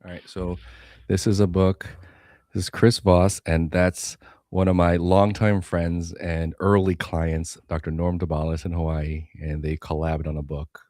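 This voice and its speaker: A man who is a guest on a podcast, telling profane, animated stories in casual chat. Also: sits low, unhurried, no room sound, studio quality. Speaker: guest, sales consultant for chiropractors.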